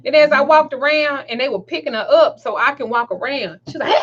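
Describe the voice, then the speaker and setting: A woman's voice: high voice, quick pace, hardly any pauses. Profane laughing woman storyteller. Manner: profane, animated storyteller who laughs often and acts out quotes. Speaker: host. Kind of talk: casual storytelling chat. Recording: dull lo-fi sound.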